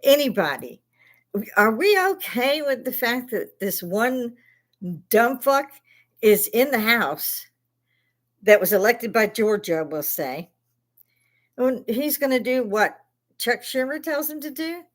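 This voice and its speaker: A middle-aged Army veteran from Chicago hosts her own livestream, ranting bluntly and profanely and laughing often between complaints. Her voice is fairly high and very animated, yet she speaks slowly and pauses a lot.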